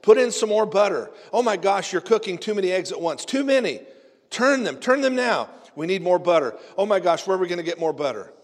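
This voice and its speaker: A frantic, bossy husband yelping orders in a shrill, high, loud voice, as a preacher puts him on. The voice rings with a long hall reverb. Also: male voice, very animated, brisk. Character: panicky nagging husband hovering in kitchen.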